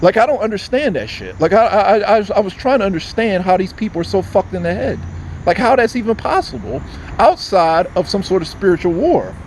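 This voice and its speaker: Male vlogger, outdoors, profane rambling rant, a bit high-pitched. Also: very animated, a little fast, a little mellow, a little hiss or hum. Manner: agitated, profane, repetitive. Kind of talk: casual rambling monologue.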